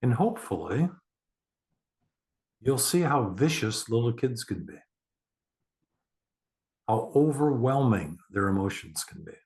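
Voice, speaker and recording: Guiding listeners through a meditation, a man with a medium-pitched voice keeps his delivery slow and deliberate. Long pauses separate his words, and he sounds calm and reassuring throughout.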